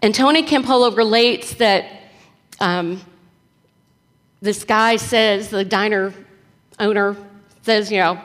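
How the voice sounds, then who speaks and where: A woman preacher telling a story in a conversational, animated sermon. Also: mid-range voice, slow, long pauses. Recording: echoey hall reverb.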